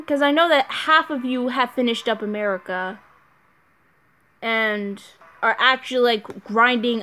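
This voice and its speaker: A woman's voice: on the high side, pushed and bright. A woman giving casual gameplay commentary as a channel host, rambling and often restarting her sentences.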